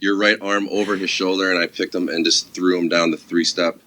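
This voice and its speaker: A man with an extremely deep, low voice talks in a relaxed, rambling way. He swears freely and leans on fillers as he tells stories in casual chat. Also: a little fast. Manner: casual, profane, laid-back storytelling with many fillers. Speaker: podcast guest, actor.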